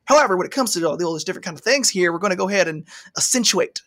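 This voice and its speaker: Give me a man doing a laid-back cowboy with a put-on Southern drawl, pitched high, stretching and rushing his words. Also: expressive, fairly bright tone. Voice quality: drawn-out vowels, stretching and speeding words.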